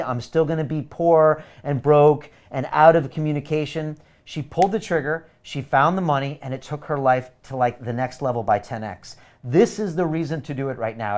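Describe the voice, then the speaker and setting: A man hosting a live webinar, pushing viewers hard and emphatically to sign up for a course. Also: on the high side. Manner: energetic, urgent, pushy and emphatic. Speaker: webinar host selling a course. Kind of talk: live webinar sales pitch.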